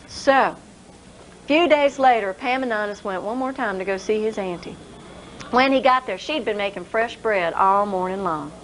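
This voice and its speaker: A woman telling a folk tale to a live audience in a folksy, expressive way. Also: medium pitch, moderate pace, a little hiss or hum, poor audio. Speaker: storyteller.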